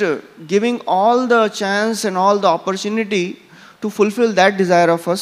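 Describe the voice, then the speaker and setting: A man with an Indian English accent giving a scripture class and telling stories, with frequent "you know" fillers. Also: sits high. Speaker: temple lecturer. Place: large temple hall. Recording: temple hall with long reverb.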